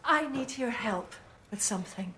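A woman's voice: fairly high pitch, animated, moderate pace, sharp tone, slight background noise. A woman playing a dignified reptile woman in a TV drama, speaking in a poised, arch and dry manner over film score. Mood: arch, composed. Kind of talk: TV drama acting.

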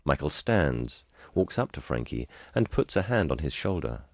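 A man reading an audio description in an even, neutral, scripted way. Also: rumbling low, normal speed, creaky, dry recording, studio quality.

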